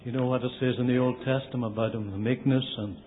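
A man's voice: mid-range voice, fairly even intonation, fast. A man making a plain, earnest comment in a Bible study discussion. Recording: tinny phone-line recording with faint hiss.

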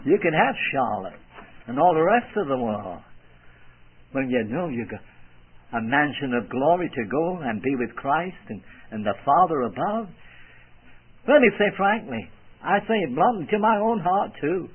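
A man's voice: on the high side, sing-song, moderate pace, pauses often, slightly rough. A man preaching a sermon, emphatic, with his voice rising and dropping sharply for emphasis. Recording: tinny phone-like radio broadcast.

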